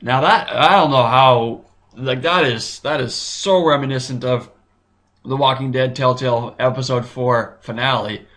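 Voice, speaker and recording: Man, mid-pitched voice, casual show-review commentary, excitable, rambling, thinks out loud, frequent restarts. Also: unhurried. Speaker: YouTube TV reviewer.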